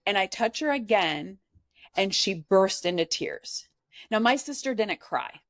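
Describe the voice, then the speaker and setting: A woman's voice: mid-range voice, expressive, measured pace, no echo, clean studio sound. A woman from Nebraska, a podcast guest, tells a personal story in an earnest, candid way and often says "like" as a filler. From Nebraska, USA.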